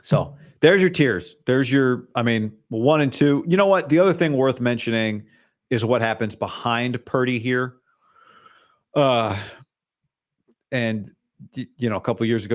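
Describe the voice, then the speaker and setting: Opinionated male sports talk host. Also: medium pitch. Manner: opinionated, hedging, frequent restarts. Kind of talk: solo sports talk commentary.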